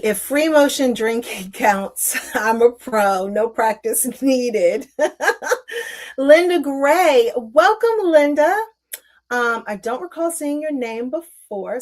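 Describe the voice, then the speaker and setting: A woman hosting a live quilting stream, chatting casually and welcoming viewers while she sews, with frequent fillers. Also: a little high. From Northern Virginia.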